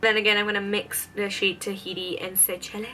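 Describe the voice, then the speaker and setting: A woman's voice: mid-range voice, flat delivery, a little fast, bright, forceful tone, slight background noise, low-quality recording. A young woman vlogging a makeup tutorial, rambling chattily with lots of fillers between steps. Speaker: beauty vlogger. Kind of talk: casual makeup tutorial chat.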